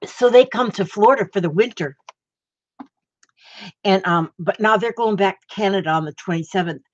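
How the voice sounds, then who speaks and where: A woman's voice: medium pitch, normal speed. An older woman hosting a livestream from home, chatting in a rambling, easily delighted way and greeting viewers with little exclamations. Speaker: livestream host. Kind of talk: rambling casual chat. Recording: dull lo-fi dry sound.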